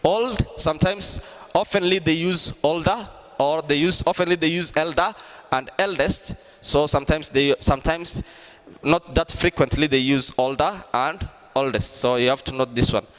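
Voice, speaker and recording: Male teacher, higher pitch, patient and repetitive, long reverb. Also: fairly bright tone. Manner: explains slowly, repeats and restarts often. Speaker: English teacher. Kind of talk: online grammar lesson.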